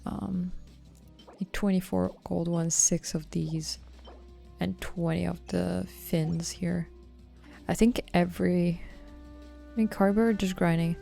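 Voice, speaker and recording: A woman's voice: fairly low pitch, fairly even intonation, takes it slowly, gravelly, long pauses, dark tone, soft background music. A woman streamer talking casually while she plays, thinking aloud and swearing offhand. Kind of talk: live-stream gameplay commentary.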